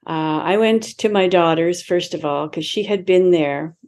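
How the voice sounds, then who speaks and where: Mellow-voiced woman in her seventies. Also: lowish voice, normal speed. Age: 70s. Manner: reflective, acts out her own past dialogue, laughs lightly between remarks. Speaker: interview guest. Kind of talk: personal storytelling in a casual interview.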